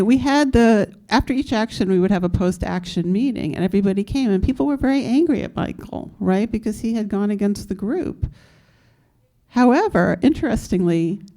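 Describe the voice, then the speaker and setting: A woman's voice: mid-range voice, dark tone. A woman in her fifties speaking on a panel, telling stories from her activist past in a candid way, with fillers and laughs. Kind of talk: recounting activist history on a panel.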